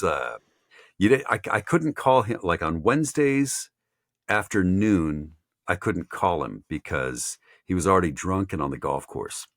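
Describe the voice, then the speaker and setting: A man's voice: low voice, dry recording, clean studio sound. A man mentoring voice actors in a casual, rambling chat. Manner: rambling, lots of fillers and restarts.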